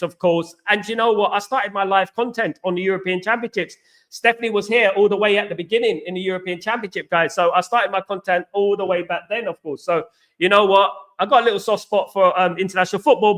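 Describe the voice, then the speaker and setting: A man's voice: high-pitched, a bit bright. A man, chatting casually on a live stream as a football fan show host, repeating himself and reading out viewer comments. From East London, England. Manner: repetitive, says absolutely a lot, reads out viewer comments.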